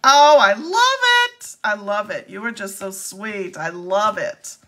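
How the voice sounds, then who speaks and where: A woman's voice: medium pitch, very animated, measured pace, fairly bright tone. A woman live-streaming while baiting a scammer, talking in a teasing, theatrical and playful way. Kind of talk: casual live-stream talk.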